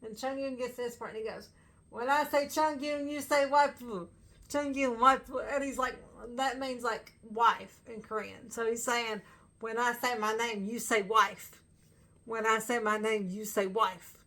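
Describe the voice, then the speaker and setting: A woman talks straight to her viewers in a loose, rambling fan chat. Her voice sits a touch high and sounds bright and forward, with a gravelly fry underneath. She pads her thoughts with fillers and laughs easily. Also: steady tone, unhurried. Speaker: fan vlogger. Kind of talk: casual chat to camera.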